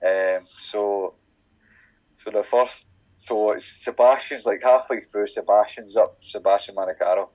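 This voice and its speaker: A Scottish man telling a sweary, animated story in casual chat on a podcast and acting out the voices of the people in it. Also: on the low side, measured pace, lo-fi sound. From Scotland. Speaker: podcast guest.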